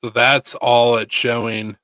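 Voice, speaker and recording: A man chats casually on a stream, relaxed and half to himself. His voice sits at an ordinary middle pitch. The sound is dry, with no room around it. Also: slow pace, no room sound. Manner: relaxed, muttering asides. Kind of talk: casual chat.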